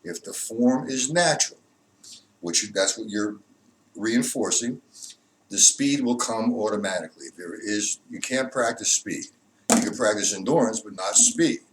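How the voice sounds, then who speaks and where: A man with a fairly low voice teaches drum sticking positions, explaining each stroke patiently and repeating it. The recording is noisy, with drum hits ringing in the practice room. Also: expressive, unhurried, long pauses. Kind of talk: instructional demonstration.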